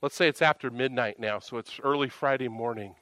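A man preaching a conversational sermon, animated, firing off rhetorical questions. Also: mid-range voice, brisk, dry recording. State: tired, emotionally raw. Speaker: pastor.

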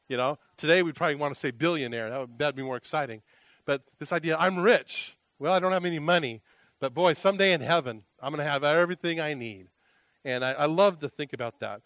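A man preaching a sermon as pastor, earnest and emotional, rising to loud exclamations and dropping to hushed, confessional tones. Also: a little high, quick pace, dry recording.

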